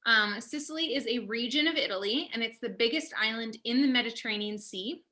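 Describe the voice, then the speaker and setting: A woman's voice: a little high, fairly quick, bright, forceful tone. Upbeat chatty woman hosting a tasting. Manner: chatty, upbeat, lots of fillers. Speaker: host of online wine tasting. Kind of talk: casual hosting.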